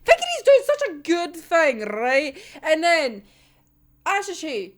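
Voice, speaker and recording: A woman's voice: sits high, sing-song, unhurried. A young woman in a casual, profane reaction rant, exasperated and breaking into laughter. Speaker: manga reviewer.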